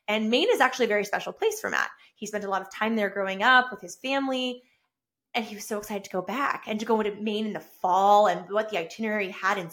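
A woman hosting her own solo podcast, talking in an effusive, upbeat way that rambles with restarts. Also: mid-range voice. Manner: effusive and upbeat, gushing with excitement. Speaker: podcast host. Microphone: own camera and mic.

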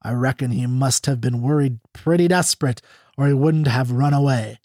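A man reading aloud and voicing a sly, smooth-talking young cowboy with an earnest, gently mournful way of speaking. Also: medium pitch, normal speed, no echo, clean studio sound, lightly acted. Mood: earnest, sorrowful.

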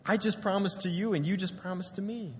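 A preacher acting out God as an exasperated, all-powerful male figure who talks in plain, casual words. The voice sits a little high. A long reverb trails behind it. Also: fairly quick, slight background noise, natural voice. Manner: plain-spoken, conversational.

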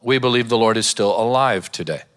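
A man's voice: mid-range voice, a little fast, a bit bright. A man, a pastor, preaching a sermon in a church, mixing scripture with a humorous personal story and laughing often.

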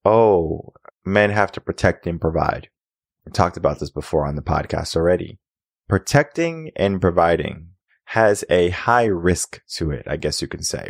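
Deep gravelly man, opinionated podcast host. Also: no echo, studio quality. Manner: opinionated, preachy, asks rhetorical questions. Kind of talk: podcast monologue.

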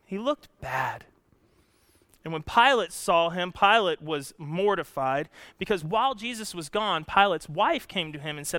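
A male pastor preaching a sermon, telling the story with drama and swinging from loud emphasis to hushed, somber lines. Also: high voice, lively intonation, normal speed, dry recording.

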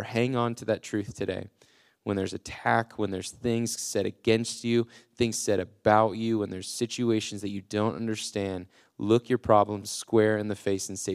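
A man delivers a short devotional sermon into a close podcast mic, his lowish voice gravelly at the edges but smooth and resonant. He speaks earnestly and encouragingly, with plenty of uh's, and slows right down to stress the key lines. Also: little pitch movement. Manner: many filler "uh"s and restarts. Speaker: youth pastor.

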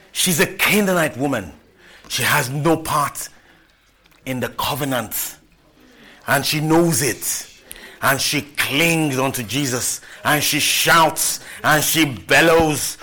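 A man's voice: fairly high pitch, bright, forceful tone. A man preaching a sermon, emphatic, repeating phrases and calling out hallelujah.

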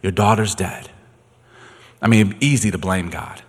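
A man preaching a sermon, dramatic and swinging from quiet to loud, in a long echoey hall. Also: sits low, a little slow, husky. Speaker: pastor.

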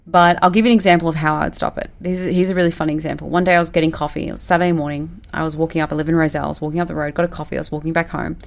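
A woman, a business coach giving casual advice, direct and animated, acting out the lines she quotes. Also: sits low, very fast, vocal fry, few pauses. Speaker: business coach and recruitment firm owner.

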